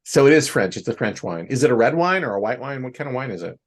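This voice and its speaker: A man hosting a casual podcast, a playful improviser who gushes and jokes. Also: mid-range voice. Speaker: host. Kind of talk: casual chat.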